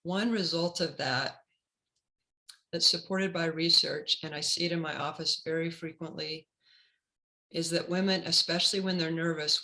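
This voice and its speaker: A woman career counselor giving a webinar talk in a measured, instructive way. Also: low-pitched, pushed and bright, low-quality recording.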